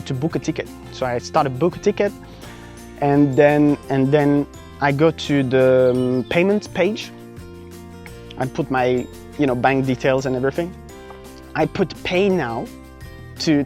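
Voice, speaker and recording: Chatty young man telling his story. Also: mid-range voice. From France. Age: young adult. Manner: animated, many fillers and restarts, acts out his own past lines. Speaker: vlogger. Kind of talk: casual personal storytelling.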